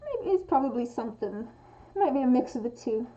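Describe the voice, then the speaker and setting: High, mellow-voiced young woman streamer. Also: big pitch swings, a little fast, muffled recording. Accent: western American. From western United States. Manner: rambling, thinks aloud with many restarts and fillers; drops the g in -ing endings. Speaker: streamer making resin dice. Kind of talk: casual livestream chat while crafting.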